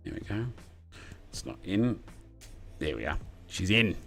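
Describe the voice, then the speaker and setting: A man's voice: low voice, sing-song, a little slow, vocal fry, a little mellow, faint music behind. A man in his thirties hosting a live stream, chatting casually and rambling, with many fillers and self-corrections. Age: 30s. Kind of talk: casual live chat while building.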